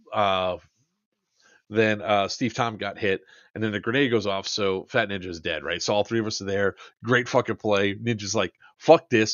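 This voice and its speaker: A man's voice: fairly low pitch, a bit bright, dry recording, dull audio. A man hosting a podcast, casually and animatedly recounting an airsoft game, swearing and acting out the quotes with plenty of fillers. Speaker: podcast host.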